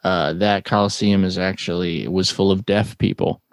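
A man co-hosting a podcast, making dry, deadpan jokes. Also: sits low, normal speed, vocal fry, dry recording. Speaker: podcast co-host. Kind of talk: casual chat.

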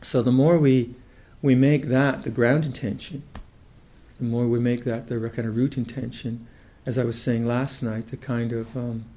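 An older man, a Buddhist meditation teacher, giving a reflective dharma talk in a thoughtful, halting way, often restarting his sentences. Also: medium pitch, little pitch movement, mellow.

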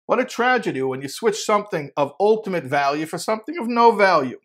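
A man teaching a Torah sermon through a parable in an animated, storytelling style. His pitch swings widely, and he often trips over and repeats his words. His pace goes from quick to slow. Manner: laughs while telling.

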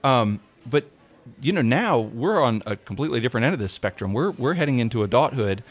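A man co-hosting a podcast, telling lively stories in casual chat and laughing often. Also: medium pitch, brisk. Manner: animated storyteller, laughs often. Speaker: podcast co-host.

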